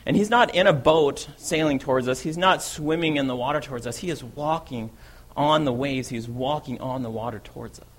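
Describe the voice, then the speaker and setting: A man's voice: mid-range voice, fairly quick, breathy edge, natural voice. A man playing a bold, eager fisherman apostle. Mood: wondering. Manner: conversational storytelling, often asks "right?". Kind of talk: first-person dramatic monologue.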